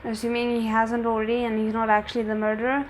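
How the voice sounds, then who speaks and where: A woman's voice: fairly high pitch, monotone, quick pace, slight background noise. A woman hosting a drama reaction, chatting casually in rambling asides. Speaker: reaction channel host.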